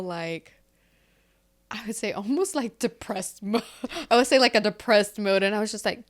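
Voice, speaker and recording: A woman's voice: medium pitch, moderate pace. A woman in her thirties co-hosting a podcast, chatting casually and laughing often as she tells family stories. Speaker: podcast co-host. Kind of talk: casual chat.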